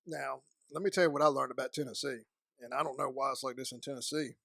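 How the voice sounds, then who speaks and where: Gravelly man telling stories. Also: medium pitch, steady tone, fast talker, a bit bright, no room sound, clean studio sound. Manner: chatty storyteller, talks while eating. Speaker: interview guest. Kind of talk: casual interview chat.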